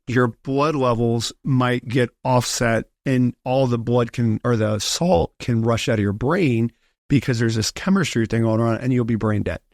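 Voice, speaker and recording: A man's voice: mid-range voice, no echo. Man telling a story in a dry studio. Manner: animated, acts out quoted voices in his story. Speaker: podcast guest. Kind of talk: casual storytelling.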